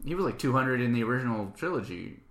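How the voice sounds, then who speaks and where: A man co-hosting a casual chat, animated and joking, slipping into quick impressions. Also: medium pitch, echoey room. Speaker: podcast co-host.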